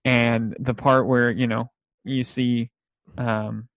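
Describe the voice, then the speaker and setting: A man's voice: mid-range voice, slow pace, dry recording. Rambling man chatting casually about films. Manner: rambling, animated retelling with laughs.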